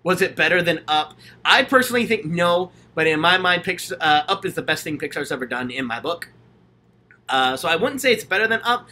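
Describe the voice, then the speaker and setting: A man's voice: fairly high pitch, pushed and bright. A man hosting a casual livestream Q&A, answering viewer questions while holding his own camera. He talks in an enthusiastic, gushing way, full of fillers and restarts. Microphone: handheld camera, self-filmed.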